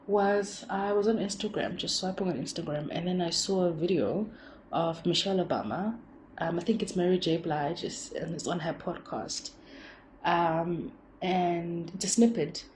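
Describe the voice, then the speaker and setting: A woman's voice: fairly low pitch, a little mellow, a little hiss or hum. A young woman talking casually on her podcast, chatty and laughing often, with lots of restarts. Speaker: podcast host. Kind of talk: casual personal monologue. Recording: echoey room.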